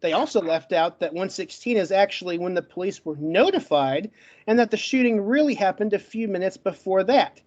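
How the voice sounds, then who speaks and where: A man with a stutter giving a brisk, emphatic closing argument as a guest in an online debate, listing facts one after another. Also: high-pitched, expressive, a little mellow, highs cut off. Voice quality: stutters, gets stuck on words.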